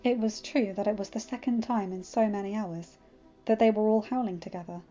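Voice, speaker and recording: A woman narrating a fanfiction story in an expressive, dramatic reading. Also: mid-range voice, a little fast. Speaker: fanfiction reader. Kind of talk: scripted narration. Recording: dull lo-fi with faint music.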